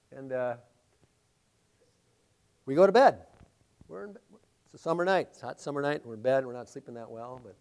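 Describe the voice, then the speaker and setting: A middle-aged man preaching a sermon, swinging between loud, emphatic declarations and quiet, hushed storytelling. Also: mid-range voice. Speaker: pastor.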